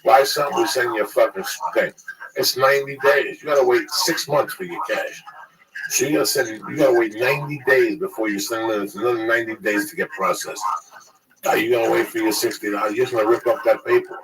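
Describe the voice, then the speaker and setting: A man's voice: mid-range voice, quick pace. A man in his sixties in casual chat, telling rambling, profane stories as a podcast host. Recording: distant mic with loud background noise.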